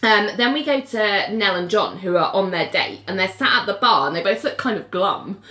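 A woman's voice: medium pitch, expressive, moderate pace, pushed and bright. Chatty woman in an echoey room. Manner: chatty, lots of fillers, acts out quotes. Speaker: podcast co-host recapping a show. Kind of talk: casual chat.

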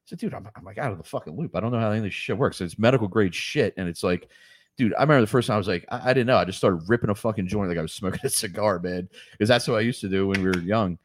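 A man in his forties with a lowish voice recorded dry and close. He tells crude, rambling stories as a podcast host, swearing constantly and often breaking into laughs. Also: racing, dry recording. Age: 40s. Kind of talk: crude casual storytelling.

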